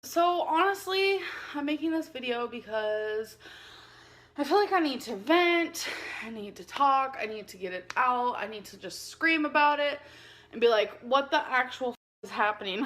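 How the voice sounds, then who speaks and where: A woman's voice: fairly high pitch, fairly bright tone. A woman rambling through a personal story in a vlog, filling her talk with many likes and ums. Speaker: vlogger.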